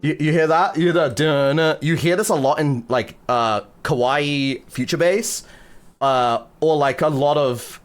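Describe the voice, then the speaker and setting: Chords are the topic as a music-production streamer chats casually with his audience in a crude, joking manner full of curses and fillers. He speaks at a measured pace in a slightly high voice.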